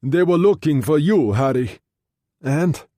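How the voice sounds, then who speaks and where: A man's voice: a little high, lively intonation, unhurried, mellow, no room sound, studio quality, pitched above the performer's own voice. A man doing an anxious, urgent Italian man. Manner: urgent, breathless.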